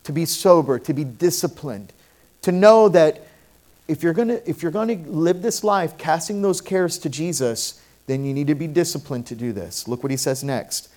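A middle-aged man preaching a sermon as pastor, swinging between quiet reflection and loud, emphatic declarations. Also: a little high, normal speed.

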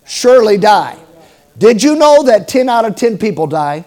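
A middle-aged man preaching a sermon, telling stories with humor and emphatic swings in loudness. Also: sits high, sing-song, normal speed. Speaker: pastor.

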